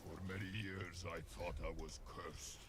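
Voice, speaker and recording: An actor voicing a brooding, weary spirit-walker warrior man in a video game, gravelly and solemn. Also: deep voice, little pitch movement, measured pace, very noisy. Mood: grim. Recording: game audio under loud effects.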